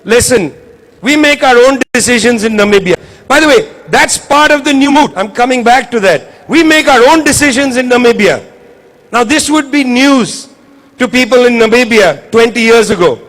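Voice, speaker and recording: A man's voice: extremely high pitch, moderate pace, fairly bright tone. A man giving an impassioned political speech to an audience at a book launch, emphatic and fond of rhetorical repetition. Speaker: guest speaker at a book launch.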